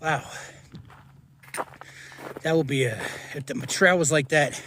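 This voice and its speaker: A man's voice: on the high side, slow, noisy background. A man on a hiking vlog, talking to the camera while he walks a snowy mountain trail, out of breath and tired from the altitude. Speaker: thru-hiker vlogger.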